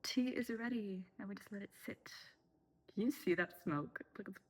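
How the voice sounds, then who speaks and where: A woman's voice: medium pitch, moderate pace, slight background noise, rough recording. A young woman talking unscripted in a rambling, chatty way, full of fillers, while making tea at home. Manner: rambling, chatty, frequent fillers and self-corrections. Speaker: vlogger. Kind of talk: unscripted casual chat.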